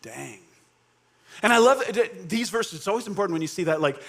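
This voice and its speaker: A male pastor preaching a conversational sermon, joking and checking in with the crowd, jumping between animated bursts and quiet, low emphasis. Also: fast. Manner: casual, joking, keeps checking in with "right?".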